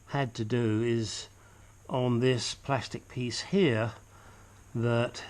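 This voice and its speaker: A man's voice: mid-range voice, darkish tone, a little hiss or hum. A man gives a casual, hands-on repair tutorial from his home workshop. He talks chattily and drops joking asides as he works. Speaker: DIY car repair vlogger.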